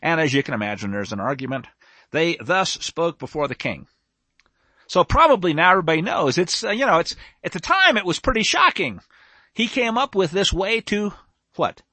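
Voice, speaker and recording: An animated male preacher with a high, bright voice that leaps up and down in pitch. He preaches emphatically and digresses into nerdy asides. The sound is close and dry. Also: moderate pace, no echo. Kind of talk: sermon.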